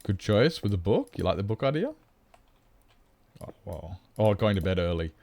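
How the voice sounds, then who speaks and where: A man streaming live and bantering with his chat in a playful, mock-whiny way. His voice sits low with a rough, gravelly edge, but it leaps all over the place as he jokes around. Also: sing-song, moderate pace, a little mellow. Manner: playful, teasing, mock-whiny, squeaking up high when joking. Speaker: livestreamer. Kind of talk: casual livestream chat with viewers.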